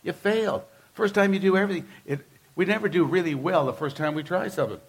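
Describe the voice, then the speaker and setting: A male pastor delivering a sermon with a gravelly, slightly raised voice. He keeps it conversational but emphatic, and he hammers points home by repeating phrases. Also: sits high, quick pace.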